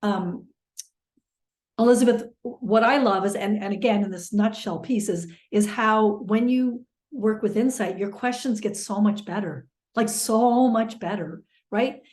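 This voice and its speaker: A woman teaching mediation in a webinar, talking through everyday examples with lively turns. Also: medium pitch, unhurried, echoey room. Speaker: mediation trainer.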